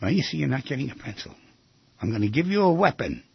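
An older man hosting a radio advice show, talking in an animated way and acting out little scenes in other voices. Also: medium pitch, fast, vocal fry, breathy edge, no echo, lo-fi sound.

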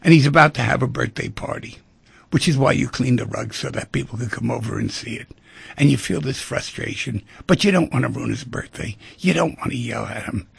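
A middle-aged radio talk-show host reflects conversationally on feelings and relationships, acting out little scenes with quoted voices. His medium-pitched voice is brisk and slightly rough with vocal fry, recorded dry.

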